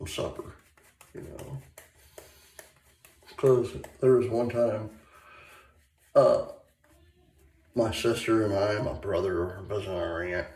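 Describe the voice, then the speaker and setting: A man from Michigan chats in a loose, meandering way, full of fillers and restarts. He talks slowly in a lowish voice. The bathroom sounds echoey, with a faint trickle of tap water behind him. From Michigan, USA. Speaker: shaving vlogger. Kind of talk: rambling casual chat.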